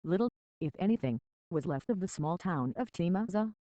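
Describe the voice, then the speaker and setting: An audiobook reader narrating a children's novel in a measured, steady storybook voice, on a dull, dry lo-fi recording. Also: mid-range voice, dry recording.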